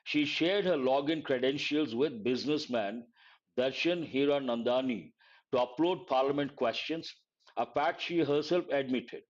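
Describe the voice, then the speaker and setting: A man with an Indian English accent teaches vocabulary from a newspaper editorial. His voice sits at an ordinary middle pitch. He stops often to define words in a patient, repetitive way. The recording is somewhat dull and lo-fi. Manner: reads a passage, then explains words slowly. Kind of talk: live editorial analysis lesson.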